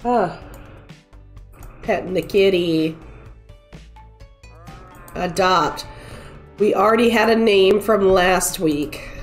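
A woman's voice: medium pitch, takes it slowly, pauses often. Chatty woman streamer with a cold. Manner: rambling, chatty, talks to the game's cats. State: sick with a cold. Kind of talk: casual gameplay chat. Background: faint game music.

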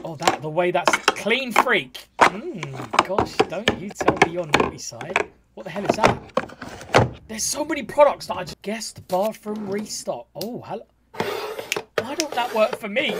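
An excitable man reacts with camp, cheeky commentary, his voice leaping all over the place. Loud keyboard clicking runs underneath the whole recording. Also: high-pitched, heavy background noise. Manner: camp, cheeky, gasping and squealing. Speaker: reaction video host.

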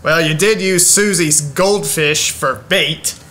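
A man voicing a calm, level-headed male puppet friend in a comedic church skit, gently teasing and reasonable. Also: fairly high pitch, slow pace. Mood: patient.

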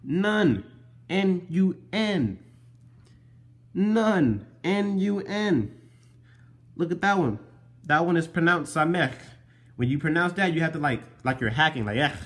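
A young man in a casual show-and-tell vlog, explaining letters from his notes, spelling them out slowly and calling the listener bro. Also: on the high side, animated, fairly bright tone. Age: young adult. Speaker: vlogger teaching Hebrew letters.

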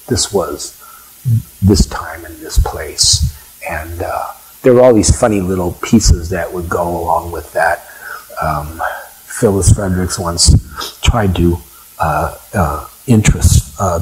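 A man's voice: fairly low pitch, a little mellow, breathy edge, low-quality recording. An older man telling rambling, chatty stories to a live audience, full of asides. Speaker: storyteller. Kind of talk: anecdotal talk to a live audience.

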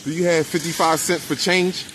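Man doing a plain-spoken shop cashier lady, flat and businesslike. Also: on the high side, normal speed, noisy background, lightly acted. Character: female store cashier asking for change.

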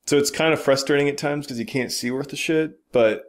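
A podcast co-host with a slightly high, brisk voice talks casually about games and movies. His remarks are blunt and opinionated, with casual swearing mixed in.

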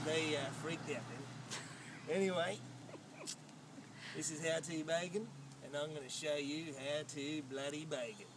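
A man's voice: fairly high pitch, measured pace, pauses often. A young Australian man with a broad accent, playing a boastful, slang-heavy bogan in a comic vlog. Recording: distant camera audio with background noise.

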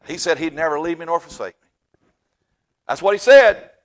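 A man preaching a fervent sermon in a church, swinging from loud exclaiming to hushed asides. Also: a little high, animated, moderate pace. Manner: fervent, swings from shouting to near-whisper. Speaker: pastor. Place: church sanctuary.

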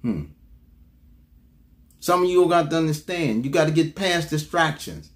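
Male preacher, slightly high voice, emphatic sermon delivery, repeats key lines, call-and-response with the congregation. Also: lively intonation, unhurried.

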